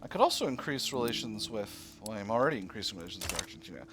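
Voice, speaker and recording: A man's voice: fairly low pitch, very animated, quick pace. A man casually commentating his own strategy gameplay, thinking aloud with fillers and playful asides to himself. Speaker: strategy game let's player.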